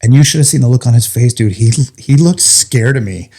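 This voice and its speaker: A man with a middle-pitched voice tells his own story in a loose, joking podcast chat. He acts out what others said as he goes, with a firefighter's plain way of talking. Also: a little fast. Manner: animated, joking, acts out quotes. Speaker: firefighter guest. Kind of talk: casual storytelling.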